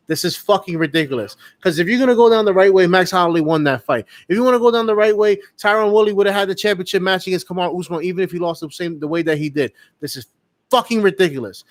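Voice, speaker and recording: A man's voice: high voice, fast. A man co-hosting a live fight reaction show, ranting heatedly with lots of profanity and repetition. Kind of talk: casual live reaction chat.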